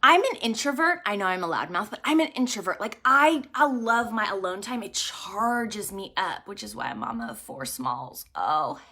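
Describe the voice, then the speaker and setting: A woman in her thirties who leads a ministry, telling a personal story in a casual, excitable livestream chat. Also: medium pitch, moderate pace, few pauses. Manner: animated, excitable, talkative storyteller. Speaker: ministry leader and vlogger.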